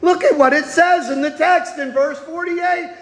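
A man preaching a sermon in a church. He swings between sudden loud outbursts and hushed asides. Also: very high voice, steady tone, normal speed. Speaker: pastor. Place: church sanctuary. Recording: echoey hall with long reverb.

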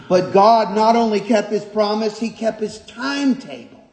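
A male pastor preaching a sermon, emphatic and repetitive, moving from quiet stretches to shouted points. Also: sits high, moderate pace, hardly any pauses. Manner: emphatic, repeats key phrases, shifts from quiet to shouting. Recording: echoey hall.

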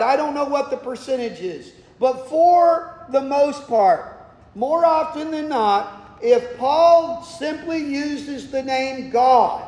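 Male pastor, very high voice, slow deliberate delivery, emphatic sermon style, roomy echo. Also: a little mellow. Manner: emphatic preaching, slowing for stress, asking and answering questions. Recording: echoey hall, long reverb.

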